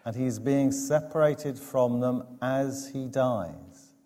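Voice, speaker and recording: A man preaching a sermon, measured and emphatic, with dramatic pauses. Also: medium pitch, dark tone. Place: church. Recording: long church reverb.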